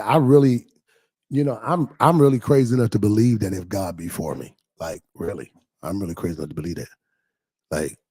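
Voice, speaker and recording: A man hosting a pastor's livestream in a casual, animated way, repeating phrases and reading viewer comments aloud. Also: lowish voice, slightly rough.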